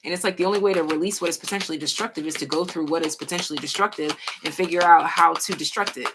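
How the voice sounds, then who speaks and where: A young woman giving a casual pick-a-card tarot reading, frank and slangy, swearing freely and stretching out her pauses. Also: deep voice, noisy background. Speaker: tarot reader.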